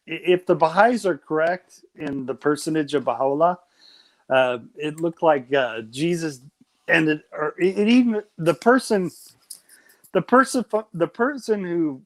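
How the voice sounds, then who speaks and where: A man in his fifties hosting a casual live stream chat, joking around and slipping into silly voices. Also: a little high. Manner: jokey, puts on silly voices. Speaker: livestream host.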